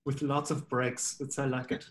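A man with a German accent, answering interview questions in a playful, jokey way with deadpan asides. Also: mid-range voice, normal speed, a little hiss or hum. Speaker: voice actor being interviewed. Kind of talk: casual video-call interview.

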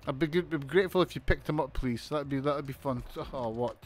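A man commentating on a wrestling video game as he plays, excitable, swearing and shouting in disbelief. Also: mid-range voice, brisk, soft background music. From United Kingdom. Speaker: gaming commentator.

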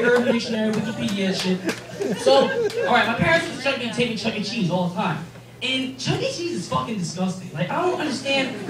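A young man doing a stand-up set on a club stage, rambling and profane with animated asides. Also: very high voice, distant mic. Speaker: stand-up comedian. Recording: echoey room from afar, crowd.

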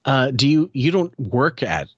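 A man's voice: medium pitch, big pitch swings, a little slow, no echo, lo-fi sound. Wry, rambling male podcast host. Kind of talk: casual podcast chat.

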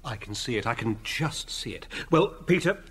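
A man's voice: medium pitch, big pitch swings, normal speed, a bit bright, slightly rough. An actor playing a fawning, self-important man who has made himself an agent, in a radio sitcom. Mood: smug. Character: scheming sycophantic male self-made talent agent.

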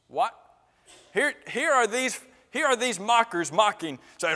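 A man with a high voice preaches in a church, and long reverb trails each phrase through the sanctuary. He keeps firing questions at the congregation and repeats his words for emphasis. The talk is interactive and unscripted. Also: moderate pace, bright, forceful tone. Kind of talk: interactive sermon.

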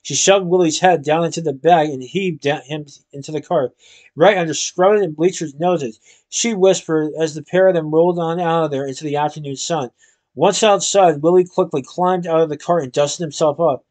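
A man's voice: fairly high pitch, moderate pace, a little mellow. Man reading a children's book aloud. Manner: reads with small restarts, gives characters lightly different voices. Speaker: reader.

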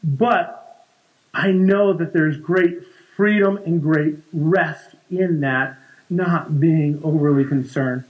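A man's voice: a little high, slow pace, phone-quality sound. A man in his forties preaching a conversational sermon in a church, often repeating words and restarting sentences. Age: 40s. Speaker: pastor.

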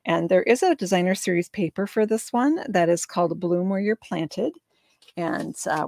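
A woman's voice: on the low side, gravelly, no echo. A woman demonstrating a craft project in a casual, upbeat tutorial, talking chattily from her home craft room. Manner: chatty and upbeat, with frequent laughs. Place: home craft room under a ring light.

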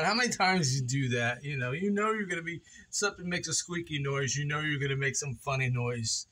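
Casual vlogger, man, very bright and animated, chatty and self-mocking, faint hiss behind. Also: a little high, a little fast, hardly any pauses. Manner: playful, chatty, laughs at himself, talks to viewers by name. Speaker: woodworking vlogger. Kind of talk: casual chat to viewers while building. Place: kitchen table, indoors.

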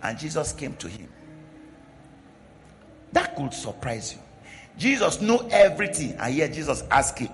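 A man's voice: a little high, big pitch swings, a little slow, long pauses, slight background noise. A man preaching a sermon as pastor, building in intensity with pidgin asides. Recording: long hall reverb.

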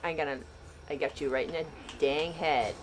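A woman giving panicky, excitable commentary while playing a video game for the first time, laughing often. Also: low-pitched, normal speed, slight background noise. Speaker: gaming channel host.

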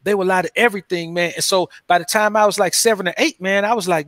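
Brief: male interview guest, loose slangy storyteller, fairly high bright voice. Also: fast, few pauses, no room sound, studio quality. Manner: loose, slangy storytelling, says "man" constantly. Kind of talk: casual interview talk.

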